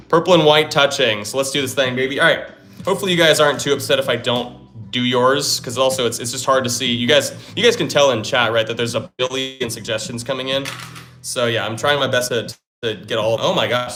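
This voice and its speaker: A man's voice: medium pitch, sharp tone. A young man hosting a casual live stream, thinking aloud while he solves puzzles and hyping himself up when they click. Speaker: livestream host. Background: faint lo-fi music.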